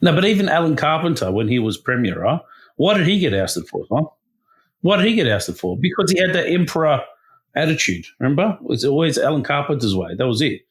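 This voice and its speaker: An Australian man co-hosting a podcast, insistent and quick to jump in during casual chat. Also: on the high side, big pitch swings. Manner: quick, insistent, keeps interjecting. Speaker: podcast co-host.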